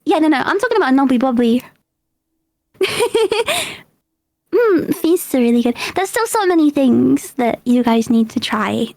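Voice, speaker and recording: A woman's voice: sits high, very animated, measured pace, a little mellow. A British woman hosting a casual chat, rambling and laughing often. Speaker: host.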